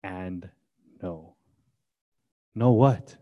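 A man preaching a sermon as a pastor, swinging between hushed, gentle passages and loud, emphatic ones, with casual asides. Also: mid-range voice, unhurried, highs cut off.

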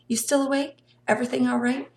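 A kindly but awkward older country man, as a woman reading aloud puts him on. He talks gruffly and haltingly in plain folksy speech, with a gravelly voice. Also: high-pitched, little pitch movement, darkish tone, slight background noise, voice pushed up. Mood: gentle.

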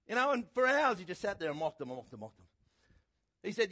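Husky middle-aged male preacher, lively storyteller, slightly high voice. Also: fast talker. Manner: animated storytelling, acting out quotes loudly. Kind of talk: sermon.

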